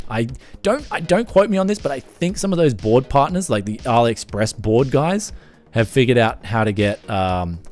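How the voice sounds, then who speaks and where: A man's voice: low voice, a little mellow. A man with an Australian accent hosting a casual tech live stream, jokey, with frequent restarts.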